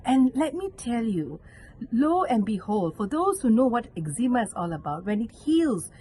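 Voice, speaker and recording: A woman's voice: very animated, moderate pace, warm tone, a little hiss or hum, low-quality recording. A woman with a Malaysian English accent giving an earnest devotional reflection on a scripture reading, as a lay catechist. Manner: earnest, acts out quoted voices with sudden pitch jumps.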